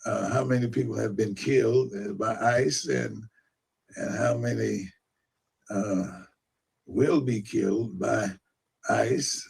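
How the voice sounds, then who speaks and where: Male preacher, gravelly and raspy tone, rambling delivery full of fancy words. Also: medium pitch, darkish tone. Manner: rambling, fond of big words. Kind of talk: preaching commentary.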